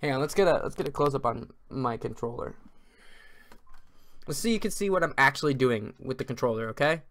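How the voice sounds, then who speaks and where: A man commentating his own gameplay in a frantic, exasperated rush, ranting and now and then yelling at the screen. His voice is bright and sharp-edged, and his pitch swings widely from low mutters to cracking highs. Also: lively intonation, brisk. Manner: frantic, exasperated, rants and yells at the game. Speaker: gaming video creator. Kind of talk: let's-play commentary.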